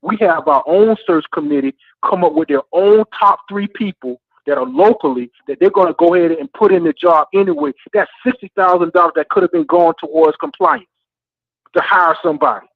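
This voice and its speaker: A frustrated male caller vents down a tinny phone line, his voice set high and gravelly. He talks passionately and keeps repeating "man". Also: lively intonation, a little fast, no room sound. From Florida A&M alumnus. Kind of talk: heated call-in rant.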